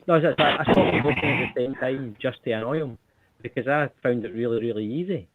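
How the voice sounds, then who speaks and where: A man from the UK calling in, telling a story in a casual, animated way with plenty of swearing. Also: medium pitch, fairly quick, very noisy. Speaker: caller. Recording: phone-line audio.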